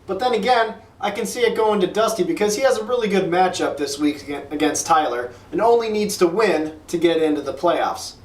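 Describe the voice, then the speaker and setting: A man hosts a mock press conference in a crude, deadpan announcer manner, his voice sitting high for a man. The room sounds echoey, and he is heard from some distance off the microphone. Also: a little fast, hardly any pauses. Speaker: league commissioner host.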